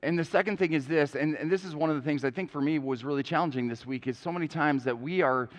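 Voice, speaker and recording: A man with an Upper Midwest American accent preaches in a slightly higher-than-average voice, earnest and plainspoken. He often stumbles and repeats a word as he gathers a thought. His voice rings with the long reverb of a church sanctuary. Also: quick pace. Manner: earnest, repeats words when starting phrases. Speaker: pastor. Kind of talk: sermon.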